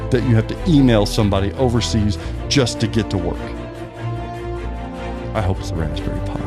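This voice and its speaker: A man co-hosting a podcast in casual chat, telling stories in a ranting, profane, animated way. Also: fairly low pitch. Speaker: podcast co-host.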